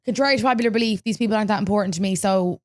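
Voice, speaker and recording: A young Irish woman hosting a podcast, telling a story in casual chat, lively and swearing freely as she acts out what people said. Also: mid-range voice, racing. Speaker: podcast host.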